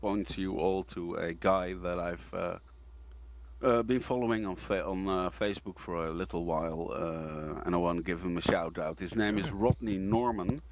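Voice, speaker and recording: A man co-hosting a casual live chat, giving a recommendation in a halting way with many pauses. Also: low voice, slight background noise. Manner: halting, with many ums and restarts. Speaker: co-host.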